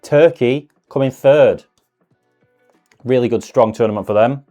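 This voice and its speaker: A man's voice: medium pitch, unhurried, dark tone, muffled recording, faint music behind. A man hosting a casual card-opening video, chatting along in a musing way with self-deprecating asides. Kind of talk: casual unboxing commentary.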